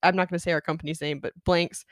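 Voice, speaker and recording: A woman's voice: low-pitched, very fast, no echo. A young woman co-hosting a casual chat, telling work stories with lots of laughter and swearing. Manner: animated storytelling, laughs often, swears. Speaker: podcast co-host.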